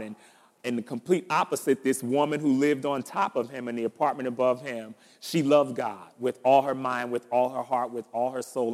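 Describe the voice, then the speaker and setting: Guy pastor preaching and telling stories, middle pitched, long hall echo. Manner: storytelling preacher, rising to loud emphasis. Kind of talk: sermon.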